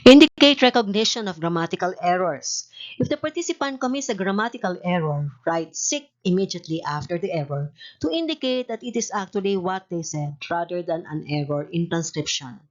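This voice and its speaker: A woman giving scripted instructional narration, reading rules and examples in a steady, literal way. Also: on the low side, a little fast, hardly any pauses, dull audio. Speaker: narrator of a research-methods tutorial.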